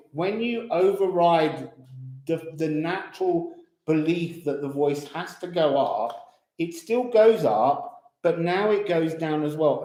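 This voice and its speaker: A singing teacher from Kent, England, gives a chatty voice lesson, laughing often and counting breaths aloud through a guided exercise. His voice is a little high with a dark tone, and the recording has a roomy echo.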